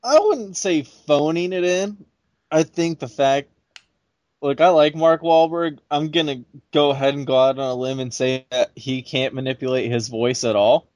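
A man with a mid-pitched voice talks through his opinions at an even, measured pace. The sound is dry and close. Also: no room sound. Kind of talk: casual chat.

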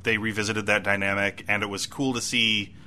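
A man's voice: lowish voice, flat delivery, a little fast, bright, forceful tone. A man co-hosting a casual TV recap podcast, rambling and self-mocking with many restarts. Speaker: podcast co-host.

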